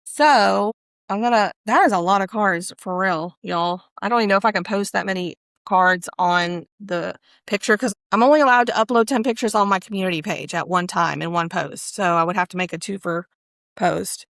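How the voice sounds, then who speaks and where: A woman talks through a tarot card reading in a loose, chatty way, pulling cards and reacting to them out loud. Her voice sits in an ordinary middle pitch. The sound is dry and close, with no room echo. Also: moderate pace, creaky. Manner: chatty, Southern-tinged "y'all", breaks into laughs and excited exclamations. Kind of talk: casual spiritual card reading.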